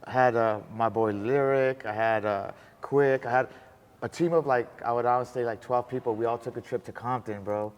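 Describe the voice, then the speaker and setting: A man chatting on a podcast, telling a lively story, acting out the dialogue and calling people bro. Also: medium pitch, moderate pace, clean tone, muffled recording. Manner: animated, acts out dialogue, says bro. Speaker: podcast guest. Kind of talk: casual storytelling chat. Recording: long roomy reverb.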